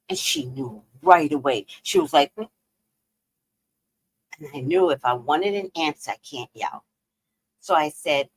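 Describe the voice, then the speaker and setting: A woman hosting a live stream, chatting casually with viewers and telling animated stories, laughing often and swinging between loud outbursts and hushed asides. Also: deep voice, measured pace, a little hiss or hum, rough recording.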